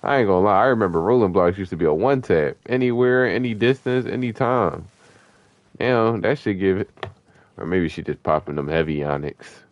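A man with a low, deep voice talks through an online gunfight as he plays. His speech is loose, slangy trash talk that breaks into excited yelps. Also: moderate pace, no echo, highs cut off. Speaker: gaming streamer. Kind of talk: live gameplay commentary.

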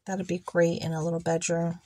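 A woman's voice: lowish voice, monotone, a little fast, dark tone, dry recording. A woman chatting casually as she unboxes and admires dollhouse miniatures, often asking viewers to look.

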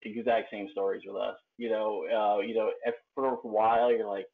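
Low-voiced man on a tinny call line. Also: a little fast, creaky, few pauses. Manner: relaxed, hesitant, many ums. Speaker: guest. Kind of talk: casual interview chat. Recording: tinny phone-like call audio.

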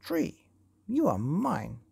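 A man's voice: a little high, wildly swooping pitch, drawn-out words, gravelly, dark tone, husky, heavily acted. A man voicing a boastful, greedy would-be owner of everything. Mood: domineering. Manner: boastful, demanding. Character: arrogant greedy man who claims everything.

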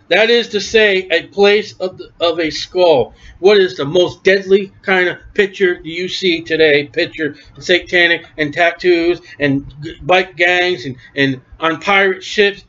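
A male preacher with a high voice delivers a fervent sermon. He swings between low, quiet stretches and shouted peaks. The recording sounds dull and lo-fi. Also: unhurried.

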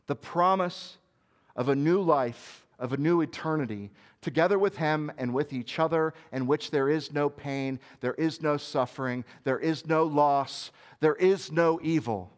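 A man preaching a sermon as senior pastor, moving between soft, hushed passages and forceful peaks, with casual conversational asides. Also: a little high, measured pace. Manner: conversational asides with fillers like "right?" and "like".

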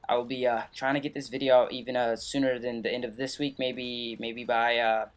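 A man's voice: medium pitch, level tone, brisk. A young man hosting a gaming channel, giving a casual, rambling update full of fillers and restarts.

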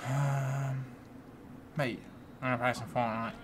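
A man's voice: medium pitch, level tone, slow pace. A young man bantering and swearing with friends while gaming, mocking them and laughing often. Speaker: gaming channel host. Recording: loud game music behind.

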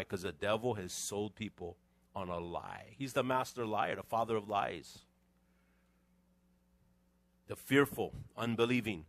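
A middle-aged man, preaching a conversational sermon as a pastor with animated, joking asides to his congregation. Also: medium pitch, no room sound. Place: church sanctuary.

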